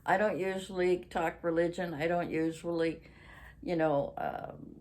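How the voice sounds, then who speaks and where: A woman's voice: on the low side, fairly even intonation, unhurried, darkish tone, slight background noise. A woman in her sixties from Canada, hosting a chatty craft vlog, rambling and losing her train of thought, then ranting indignantly. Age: 60s. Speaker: craft channel host.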